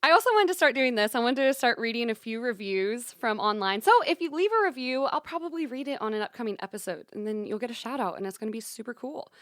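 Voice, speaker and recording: A woman's voice: on the high side, animated, quick pace, few pauses, fairly bright tone, no room sound, studio quality. A young woman in her twenties hosting a solo podcast, bubbly and upbeat, talking straight to her listeners and often saying "y'all" and "you guys.". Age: young adult; 20s. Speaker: podcast host. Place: small recording studio.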